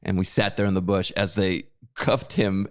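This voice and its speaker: A man co-hosting a podcast, telling a story with lively acted-out quotes. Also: low voice, moderate pace, clear, resonant tone, no echo, studio quality. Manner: animated storyteller, acts out quotes. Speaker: podcast co-host. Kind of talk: casual chat.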